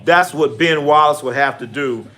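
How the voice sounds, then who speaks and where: Male stream host with a slightly raised pitch, casual and profane, reads chat between plays. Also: moderate pace. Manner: animated when acting out stories. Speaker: livestream sports host. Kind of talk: casual live commentary and storytelling.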